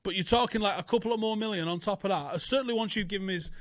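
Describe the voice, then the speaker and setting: A man's voice: high voice, very fast, dry recording. A young man, hosting casual football transfer talk, blunt, sweary and often incredulous. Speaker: football channel host.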